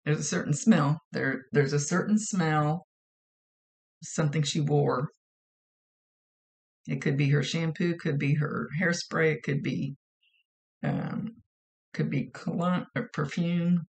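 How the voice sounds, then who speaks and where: Gravelly-voiced woman giving a psychic reading. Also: low-pitched, steady tone, slow pace, pauses often. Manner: relays messages and gives direct advice, often repeating phrases. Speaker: psychic medium. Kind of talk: casual mediumship reading.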